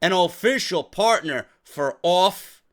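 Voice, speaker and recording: This New York man hosts a wrestling podcast, and his voice sits high and sounds animated but slow over a noisy background. He's tired and exasperated, ranting profanely and swearing constantly.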